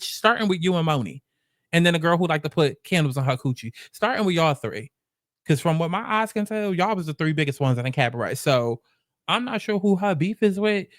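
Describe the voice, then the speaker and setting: A man's voice: a little high, no room sound, studio quality. A young man from the Bronx with a New York accent, giving sassy, profane reality show recap commentary with mocking quotes. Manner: sassy, animated, profane storytelling with mock quotes. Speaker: commentary host.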